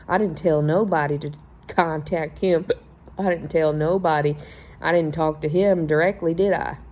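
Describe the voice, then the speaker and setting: A woman with a lowish, mellow voice hosts a podcast alone. She rants in a casual monologue, sarcastic and heavy on profanity, mocking the people she talks about. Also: fairly even intonation, moderate pace. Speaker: podcast host.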